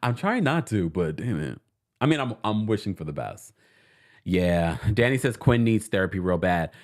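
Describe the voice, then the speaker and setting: Man, casual chat host, lively swooping pitch, laughs a lot, New York native. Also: normal speed. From New York City. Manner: animated and chatty, laughing often. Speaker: host of a reality TV recap show. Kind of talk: casual livestream chat, reading viewer comments.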